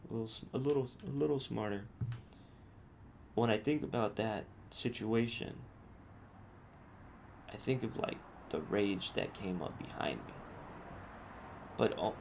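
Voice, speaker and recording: Gravelly profane man telling a story. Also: fairly low pitch, slight background noise. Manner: profane, street slang, animated retelling. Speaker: podcast host. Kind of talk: casual storytelling monologue.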